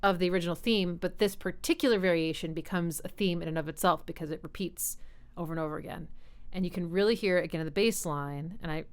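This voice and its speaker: A woman's voice: fairly low pitch, fast talker, clean tone. A woman teaching music, casually thinking aloud as she breaks down a piano piece and hums the melody lines. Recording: loud piano music behind. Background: piano playing.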